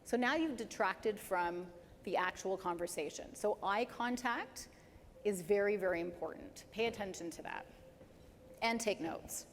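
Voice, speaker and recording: A woman giving a live career presentation to an audience, lively and emphatic, speeding up and slowing down to demonstrate points. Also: mid-range voice. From Canada. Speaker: presenter at a dental career talk. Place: large hall with an audience. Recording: hall reverb, faint background noise.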